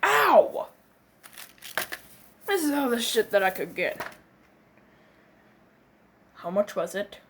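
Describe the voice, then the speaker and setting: A woman performing a comedic skit, voicing quarrelling characters with cursing, yelps and shouting outbursts. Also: mid-range voice, big pitch swings, slow, long pauses, slight background noise.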